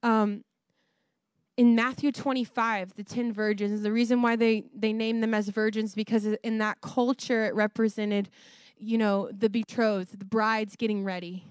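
A woman preaching a sermon to a congregation, passionate and building to near-shouts, laughing between points. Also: mid-range voice, level tone, a little slow, clean tone, dry recording, clean studio sound.

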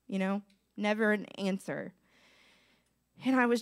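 A woman's voice: medium pitch, fairly even intonation, a little slow, long pauses, clear, resonant tone. A woman in her thirties sharing a personal testimony at church, earnest and conversational, often asking the audience to relate. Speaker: speaker giving a testimony.

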